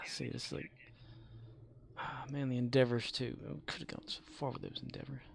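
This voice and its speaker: A game streamer chatting casually and quietly with viewers, often trailing off into mumbles. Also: fairly even intonation, a little slow, gravelly, slight background noise. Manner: quiet, mumbling, low-key. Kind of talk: casual live-stream chat.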